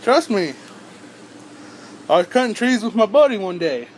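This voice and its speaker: Young male vlogger, high voice, rambling and crude, faint hum behind. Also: very animated, moderate pace, rough recording. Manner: rambling, profane, with frequent asides and restarts. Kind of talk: rambling casual storytelling.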